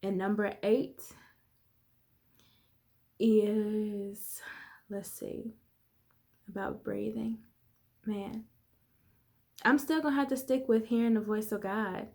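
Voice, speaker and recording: A woman's voice: medium pitch, steady tone, slow pace, gravelly, pauses often, darkish tone. A woman life coach in her thirties, talking candidly and conversationally to viewers in a motivational vlog. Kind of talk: casual motivational vlog talk.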